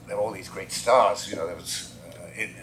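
A man's voice: deep voice, fairly quick, a bit bright, a little hiss or hum. An English man on a convention panel, telling anecdotes in a reflective, wry, self-deprecating way.

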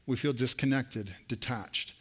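A man's voice: unhurried, a bit bright. A man preaching a sermon in church, speaking earnestly and directly to his congregation. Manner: rising to an emphatic pitch near the end. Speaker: pastor.

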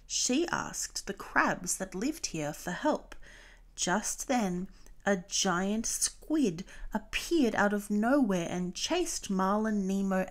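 Woman, children's story reader, unhurried, clear, expressive, mid-pitched. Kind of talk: children's read-aloud storytelling.

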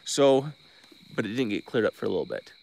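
A man's voice: lowish voice, sing-song, brisk, creaky, darkish tone. A man from Oregon, a diver hosting a casual live-stream update outdoors at night, rambling with restarts and thanking donors by name. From Bend, Oregon. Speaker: search-and-recovery diver, live-stream host.

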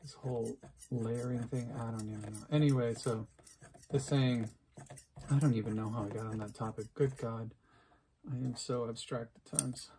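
Middle-aged male craft vlogger, rambling, self-deprecating and chatty, mid-pitched voice. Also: fairly even intonation, normal speed, dark tone, a little hiss or hum. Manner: rambling, self-mocking, chatty with many fillers. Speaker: crafts video host. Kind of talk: unscripted casual craft vlog.

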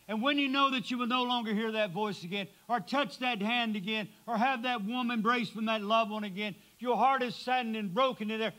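High, bright-voiced preaching man. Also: a little fast, hardly any pauses, low-quality recording. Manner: preaching with dramatic swings from loud to hushed. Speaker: pastor. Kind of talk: sermon. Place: church sanctuary.

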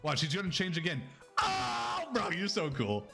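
Loud joking young man streaming. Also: a little high, very animated, brisk, soft background music. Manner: loud, joking, laughing, swears a lot. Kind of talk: casual live-stream chat.

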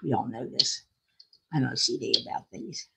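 A woman's voice: a bass voice, normal speed, vocal fry, pushed and bright, a little hiss or hum. An older woman hosting a casual craft livestream, chatting in a rambling, self-deprecating way and laughing often. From South Florida.

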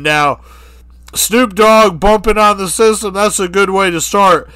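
A man's voice: sits high, a little slow, sharp tone, clear, resonant tone. A man co-hosting a podcast, telling a crude comic story in a profane, rambling way. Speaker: podcast co-host.

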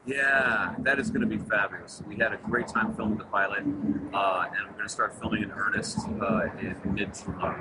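A man's voice: lowish voice, fairly even intonation, a little fast. A man, a guest actor, chatting playfully and wryly from a convention venue over a remote line with music behind. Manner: playful, wry, self-deprecating. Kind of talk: casual chat on a remote call. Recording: noisy remote line with loud background.

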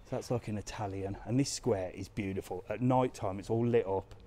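Bloke doing a live walkaround vlog on his phone, warm relaxed voice, faint street noise behind. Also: on the low side, brisk. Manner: chatty, points things out, answers live comments. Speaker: travel vlogger on a live walk. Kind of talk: casual live walking chat. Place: outdoors in a resort town streets and squares.

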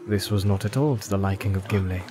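A man narrating a fantasy audiobook in a steady, measured storytelling voice. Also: deep voice. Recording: background music.

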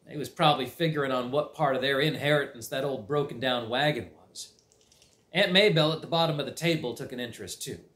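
A man's voice: mid-range voice, quick pace, a bit bright. A man reading a chapter book aloud for a library, narrating in a folksy drawl. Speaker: library read-aloud reader. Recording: roomy echo.

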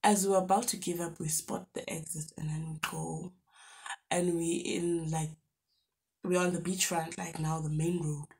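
Animated young South African woman, lowish voice. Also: normal speed, gravelly. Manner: animated, lively retelling with local slang exclamations. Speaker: YouTuber. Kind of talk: storytime vlog, casual storytelling.

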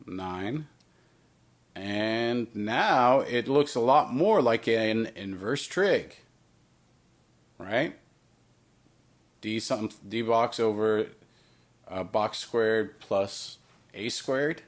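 A man with a somewhat low voice teaches a recorded math lesson. He poses questions to himself and answers them as he works. He drops in playful asides along the way. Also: animated, very slow, pauses often. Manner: talks through steps with himself, playful asides.

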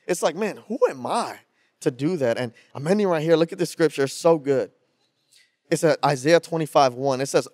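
A young man preaching to a youth group in a slangy, energetic style with call-and-response. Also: a little high, no room sound, studio quality. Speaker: youth pastor. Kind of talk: sermon.

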